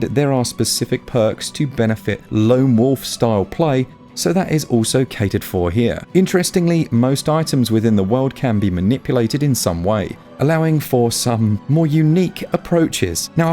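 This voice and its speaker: A man's voice: mid-range voice, dark tone. A man in his thirties narrating a scripted game review with enthusiasm and wry asides.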